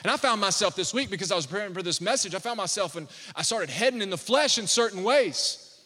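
A male pastor preaches fervently, urging and exhorting his listeners. His voice is high and forceful, and it rises at times to shouts. A long reverb fills the church hall around him. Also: expressive, quick pace. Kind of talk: sermon.

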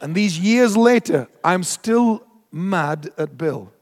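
A man preaching a storytelling sermon, animated and emphatic, acting out his own reactions. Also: sits high, slow pace, big-room sound.

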